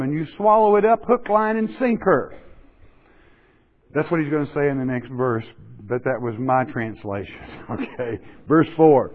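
Folksy preacher man, tinny phone-like sound. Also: fairly high pitch. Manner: folksy, joking asides, digressive. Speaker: pastor. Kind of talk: sermon.

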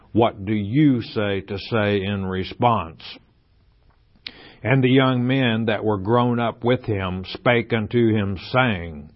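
A man's voice: fairly low pitch, dull audio. A man teaching the Bible verse by verse, reading scripture aloud and then explaining it in plain talk with fillers.

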